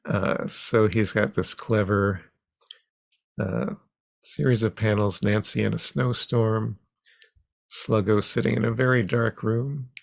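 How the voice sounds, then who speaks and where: A man teaching an online comics workshop over a video call, unhurried and halting, with frequent ums. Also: lowish voice, steady tone, creaky, no room sound, clean studio sound.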